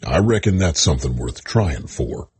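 A man reading the part of a blunt, bland alien farmer who speaks flatly in a storybook reading. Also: rumbling low, normal speed, slightly rough, heavily acted. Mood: deadpan. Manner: flat, dry.

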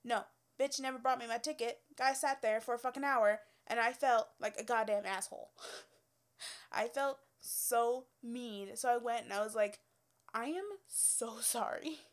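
Woman, 20s, hairstylist, slightly high voice, swears a lot, laughs, mimics people she quotes. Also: fairly even intonation, normal speed, clear, resonant tone. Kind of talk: casual storytelling chat.

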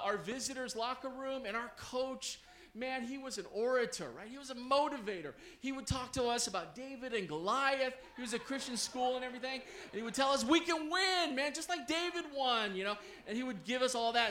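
A man preaching a story-led sermon before a congregation, animated, often checking in with listeners. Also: very high-pitched, echoey room.

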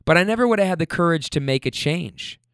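A man voicing a grateful woman in recovery, heartfelt and warm as he retells her words. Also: a little high, expressive, quick pace, dry recording, studio quality. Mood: proud.

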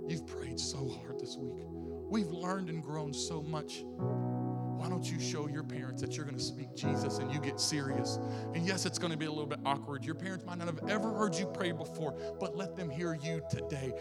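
Impassioned pastor over loud music. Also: male voice, fairly high pitch, moderate pace. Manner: impassioned preaching, rising and falling between loud and soft. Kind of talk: sermon. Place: church sanctuary. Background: music playing.

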